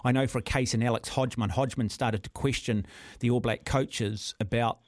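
A man's voice: medium pitch, steady tone, normal speed, no room sound, clean studio sound. A man with a New Zealand accent hosting talkback radio, blunt and combative, often calling his caller mate. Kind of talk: opinionated talk radio. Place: radio studio.

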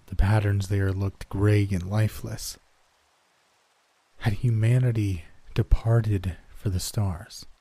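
A man narrating a first-person horror story in a measured, somber way. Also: on the low side, fairly even intonation, warm tone.

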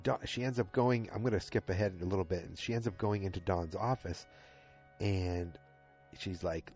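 Speaking fairly quickly in a low, slightly mellow voice, a weary man recaps a TV episode for his podcast while faint music plays behind him. It's late, he's yawning, and his rambling account is full of self-corrections.

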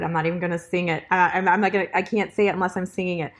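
A woman's voice: on the low side, little pitch movement, very fast, hardly any pauses. A middle-aged woman telling personal stories in a casual chat. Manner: storytelling, chatty with laughs. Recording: echoey room.

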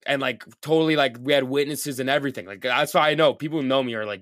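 A man's voice: mid-range voice, fast, fairly bright tone, no room sound, studio quality. A young man from Canada co-hosting a podcast in loose casual chat, swearing a lot and filling his talk with "like.". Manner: loose, profane, heavy with filler "like". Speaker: podcast co-host. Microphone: podcast mic.

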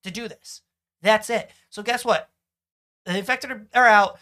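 A man co-hosting a podcast recaps a TV episode in loose, casual chat, his voice sitting high, bright and forceful at a slightly slow pace. He rambles and swears, acting out quotes from the show in shifting voices.

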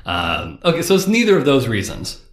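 A man's voice: mid-range voice, wildly swooping pitch, brisk. A man co-hosting a podcast, chatting casually in a playful, rambling, jokey way. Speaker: podcast co-host. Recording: roomy echo.

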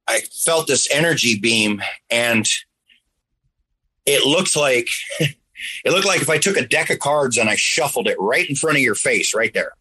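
A man's voice: medium pitch, lively intonation, unhurried, pushed and bright, breathy edge, low-quality recording. A man earnestly telling a personal story in a rambling, conversational way, now and then making sound effects.

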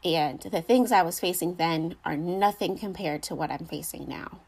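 A woman's voice: on the low side, moderate pace, gravelly, darkish tone, husky. A young adult woman talking about her faith in a casual, heartfelt monologue, earnest and rambling with lots of filler words. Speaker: Christian speaker sharing faith reflections.

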